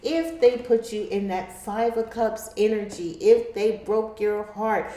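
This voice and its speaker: A woman's voice: mid-range voice, measured pace, warm tone. A woman giving a chatty tarot reading to her viewers, calling them her darlings. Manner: chatty, laughs often, addresses viewers as darlings. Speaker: tarot reader. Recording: echoey room.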